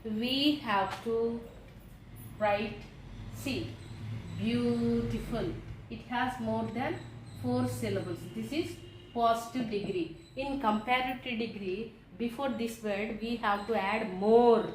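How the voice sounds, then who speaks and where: Slow, repetitive woman teacher. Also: fairly high pitch, noisy background. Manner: repeats each word form, spells letters aloud. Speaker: English teacher. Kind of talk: grammar lesson. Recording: echoey room.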